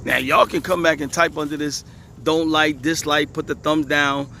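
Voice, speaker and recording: A creaky, bright, forceful voice on the high side carries this religious teacher's casual scripture lesson at a moderate pace, with fairly even intonation. Slight background noise is audible as he repeats points for emphasis and chuckles often.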